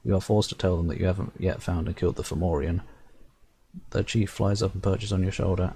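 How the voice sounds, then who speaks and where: A man's voice: low voice, fairly even intonation, a little fast, dark tone, a little hiss or hum. A man playing a fantasy game, reading its narration aloud with wry asides. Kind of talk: let's-play commentary reading game text.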